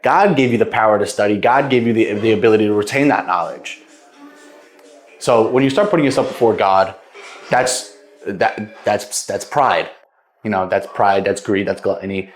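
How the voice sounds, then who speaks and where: A man's voice: fairly low pitch, normal speed, echoey room. A young man casually retelling a Bible parable, rambling and repeating words as he goes. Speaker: vlogger.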